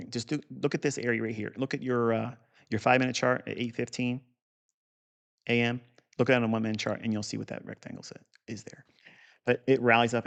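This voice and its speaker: A gravelly man talks through a chart lesson, blunt and profane, bragging as he goes. His voice sits at an ordinary middle pitch. He speaks off the cuff into a desk mic. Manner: blunt, profane, boastful, asides. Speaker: trading educator. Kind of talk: unscripted chart walkthrough.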